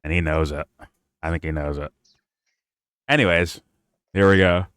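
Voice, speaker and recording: A man's voice: deep voice, steady tone, moderate pace, a bit bright, smooth, no echo. A man co-hosting a stream, reacting to a clip in casual, profane, joking trash talk.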